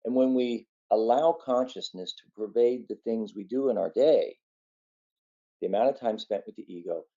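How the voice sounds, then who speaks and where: Male speaker, earnest meditation talk, mellow dark voice, dull lo-fi recording. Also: medium pitch, vocal fry. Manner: earnest, conversational, tells a folksy story. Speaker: physician giving a meditation talk.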